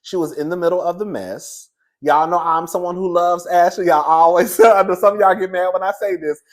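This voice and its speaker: A man giving casual, sassy commentary on a reality TV episode, chatty and quick to laugh. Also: high-pitched, steady tone. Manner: sassy, chatty, laughs often, calls viewers "girl" and "baby". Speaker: reality TV reviewer.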